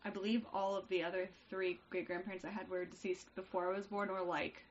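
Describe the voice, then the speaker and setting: A woman co-hosting a casual chat podcast, telling family stories with animated quoted voices and frequent laughter. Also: mid-range voice, a little fast, muffled recording, a little hiss or hum. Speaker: podcast co-host.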